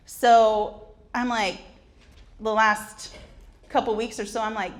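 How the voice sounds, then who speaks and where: With a fairly high but flat voice, a slow pace, and long pauses, a woman in her forties does comedic personal storytelling onstage at a conference. Her tales are wry and self-deprecating, and she often laughs at her own humor.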